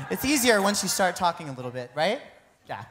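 A woman's voice: fairly low pitch, big pitch swings, moderate pace, fairly bright tone, a little hiss or hum. A woman hosting a live pageant on stage, chatting playfully with contestants and laughing often. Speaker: pageant host. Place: live pageant show in a concert venue.

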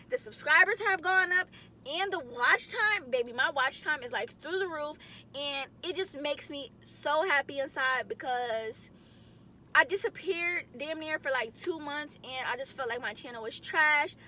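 Young woman vlogger, bubbly slangy car chat, high voice, road noise behind. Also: normal speed, sharp tone. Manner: chatty, upbeat, slangy. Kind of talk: casual chat to camera. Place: in a car, driving.

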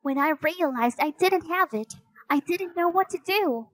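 An excitable young girl chirps in a very high voice, as a woman reading a storybook puts her on. She sounds bright and eager. The recording is close and dry. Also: measured pace, dry recording, heavily acted. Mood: excited.

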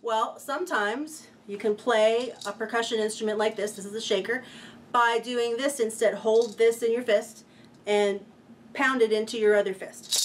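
A woman's voice: a little high, steady tone, moderate pace. A woman teaching a children's music lesson, playful and cheerful, chanting rhymes for young listeners.

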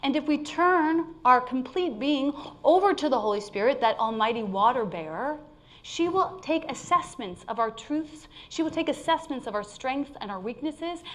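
A woman's voice: high-pitched, a bit bright. A woman giving an informal spiritual sermon, conversational and laughing often as she tells a story. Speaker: spiritual speaker.

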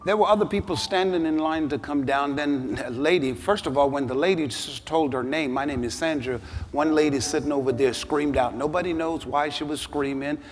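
A middle-aged man preaching a sermon as a bishop, telling a story with animated energy. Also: on the high side, a little fast. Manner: animated storytelling, rising to shouted altar call. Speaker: bishop, pastor. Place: large church sanctuary. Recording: long hall reverb with music behind. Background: music.

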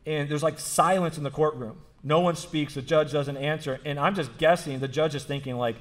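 Male pastor, slightly higher voice, earnest storytelling sermon, repeats phrases for emphasis. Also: steady tone, normal speed, few pauses, faint music behind. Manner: frequent restarts and fillers like "like".

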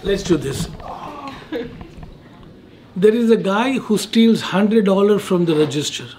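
High-voiced man in his sixties. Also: animated, a little slow, darkish tone. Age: 60s. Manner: poses riddles patiently, laughs easily. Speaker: riddle asker. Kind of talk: casual chat. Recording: noisy background.

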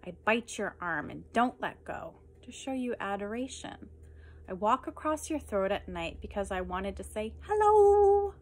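A woman reading humorous poems aloud with deadpan, dry comic timing. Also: mid-range voice. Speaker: reader.

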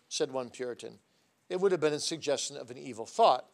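A man lecturing at a seminary, telling stories animatedly and swinging between soft asides and loud, emphatic points. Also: a little high, expressive, fairly quick. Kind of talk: classroom lecture.

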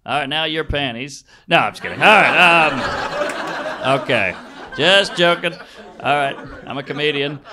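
A man's voice: a little high, expressive, unhurried, pushed and bright. A man doing improvised stand-up comedy on a club stage, working the crowd with blunt, crude, self-mocking jokes. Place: comedy club stage before a laughing audience. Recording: live club recording with audience noise.

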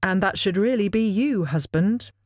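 A woman's voice: mid-range voice, normal speed, no room sound, studio quality, voice pushed up, close to an everyday voice. A woman voicing a scheming, commanding queen of the gods. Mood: imperious. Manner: commanding, snappish.

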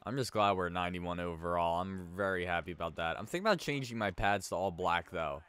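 Young man, gaming commentary, lowish pitch, rambling, filler-heavy, quick outbursts. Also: a bit bright, clean tone. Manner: rambling storytelling with frequent "like", bursts of frustration at the game. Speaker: gaming YouTuber. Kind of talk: casual let's-play commentary.

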